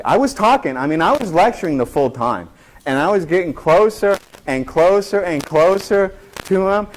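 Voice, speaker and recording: A man who teaches college, telling classroom stories to colleagues in an animated way, acting out quotes and often restarting his sentences. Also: high voice. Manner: animated storyteller, acts out quotes, many restarts. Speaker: college instructor. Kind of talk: faculty talk with anecdotes.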